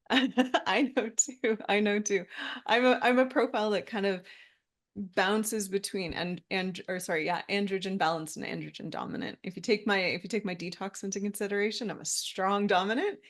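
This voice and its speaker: A woman's voice: mid-range voice, steady tone, normal speed. A woman co-hosting a health talk show, chatting casually in a friendly way and laughing easily. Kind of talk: casual chat.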